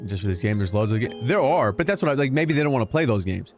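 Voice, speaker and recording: Lively joking male game streamer. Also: medium pitch, fast. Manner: animated, joking, swears freely. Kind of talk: casual gameplay commentary. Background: game music.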